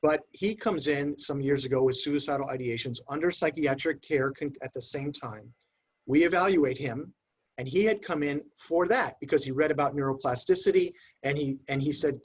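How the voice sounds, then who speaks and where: A man with a husky voice pitched a little high explains clinical points calmly. He is a clinician who tells patient stories in a measured, explanatory way. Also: poor audio. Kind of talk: casual professional discussion.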